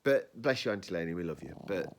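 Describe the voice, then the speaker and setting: Male podcast host, lively, rambling, talks over himself. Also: low-pitched, fast talker, slight background noise. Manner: animated, rambling, self-interrupting. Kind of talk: casual review chat.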